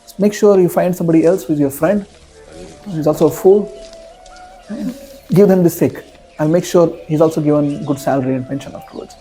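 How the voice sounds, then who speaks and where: A man's voice: a little high, brisk, pauses often, dark tone, faint music behind, natural voice. A man voicing a dying old king who is tired and impatient with a fool, in a told story. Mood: weary. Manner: tired, exasperated scolding.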